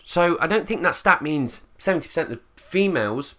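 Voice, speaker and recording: A man's voice: a little high, lively intonation, brisk, pushed and bright. A man with an English accent ranting bluntly in a casual monologue, swearing freely and acting out quotes in put-on voices. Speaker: channel host.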